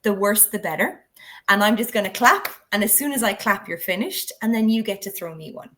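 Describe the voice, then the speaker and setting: Female drama trainer, mid-pitched, clear and instructive, explains by example. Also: lively intonation, a little fast, fairly bright tone, a little hiss or hum. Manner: instructive, walks through steps with examples. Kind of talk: explanatory conversation.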